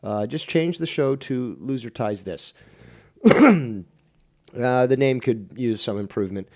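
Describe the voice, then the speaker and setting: A man's voice: medium pitch, lively intonation, slow, darkish tone. A man hosting a casual online show, reading out viewer comments with wry, dry commentary. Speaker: host.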